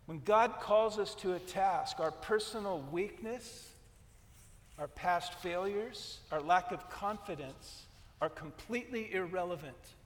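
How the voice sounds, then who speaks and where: A man's voice: high voice, measured pace. A male pastor preaching a sermon, emphatic, repeating his key lines and retelling scripture scenes. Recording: long reverb from a large hall.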